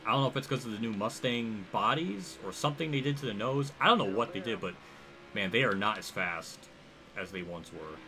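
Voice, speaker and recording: A man's voice: on the low side, expressive, brisk. Rambling young man streaming a racing game. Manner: rambling, thinks aloud, reacts loudly to the race. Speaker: livestreamer playing a racing game. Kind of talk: live gameplay commentary.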